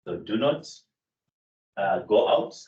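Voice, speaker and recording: A Greek lecturer teaches a grammar class, walking through it step by step with fillers and self-corrections. His voice is fairly low, with lively intonation and a slow pace, recorded by a distant mic in an echoey room that sounds dull.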